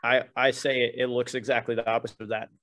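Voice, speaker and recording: A man's voice: mid-range voice, flat delivery, fast talker, fairly bright tone. A man who teaches martial arts, a podcast guest talking in an easygoing way. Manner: easygoing, laughs readily, chimes in. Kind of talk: casual podcast conversation.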